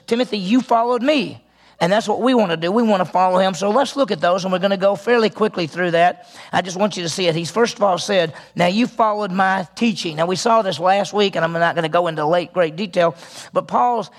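A pastor delivers a sermon in a fairly high voice with a gravelly edge. He preaches earnestly, stressing points by repeating words and restarting phrases. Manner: earnest preaching with emphatic repetitions and self-corrections.

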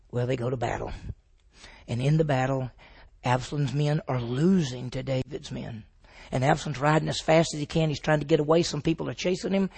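A man teaching a Bible class, his voice a little higher than most and gravelly with a husky edge. He retells the story with animation and tosses questions to the room. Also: a little mellow.

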